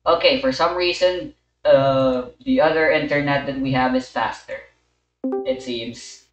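A man casually talking through a gameplay recording and chatting with a friend, relaxed and mumbling to himself. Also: on the high side, moderate pace, music in the background. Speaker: gamer recording a playthrough. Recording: roomy, distant from the mic.

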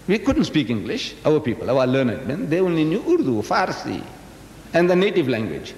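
A man in his sixties from South Africa with a South African accent, giving a lecture to a live audience in a booming, carrying voice, teasing the crowd and firing questions at them. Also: wildly swooping pitch, moderate pace, a little mellow. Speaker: public speaker. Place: large hall. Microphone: PA microphone. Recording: echoey hall, faint background noise.

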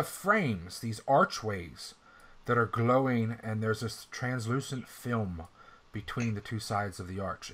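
A man running a tabletop game as game master, casual and profane, often clearing his throat. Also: fairly low pitch, a bit bright.

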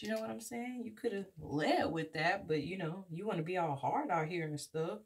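Animated woman recapping a movie plot. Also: mid-range voice, moderate pace, hardly any pauses. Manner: animated storytelling, slangy asides, acts out characters' lines. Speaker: beauty vlogger reviewing a movie. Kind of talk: casual chatty plot recap.

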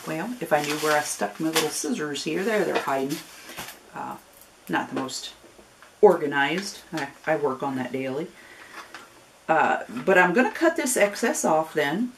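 A low-pitched woman from Northern Ohio whose Northern US accent carries a growing Southern twang. She walks through a craft project in a chatty, folksy way, drifting into friendly warnings and side stories. A faint hiss of background noise sits under her voice. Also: expressive, unhurried. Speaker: craft tutorial host. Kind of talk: casual step-by-step craft demonstration.

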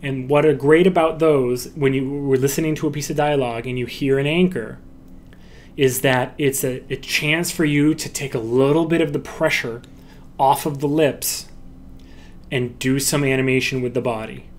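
A man's voice: mid-range voice, steady tone, moderate pace, slight background noise. A man teaching animation in a recorded lecture, often acting out short lines and laughs to demonstrate, with frequent restarts. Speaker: animation instructor.

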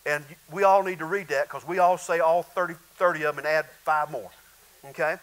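A middle-aged male pastor with a drawl delivers a folksy sermon. His voice sits high for a man and rings bright and forward. He slips into short acted-out exchanges to make his points. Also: steady tone, a little fast, poor audio. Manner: folksy storytelling, acts out little dialogues.

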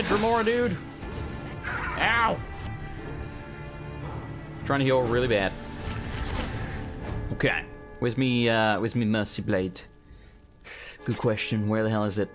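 A man hosting a let's play, casually commenting on his gameplay with jokes, swearing and loud outbursts. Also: fairly low pitch, slow, pauses often. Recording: game music in background.

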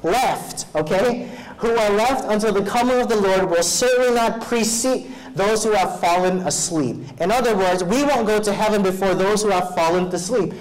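A man preaching as pastor at a live evening worship service. He reads scripture aloud, pauses to have the congregation fill in words, and grows louder when preaching but drops soft and low for personal stories. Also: rough recording. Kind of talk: sermon.

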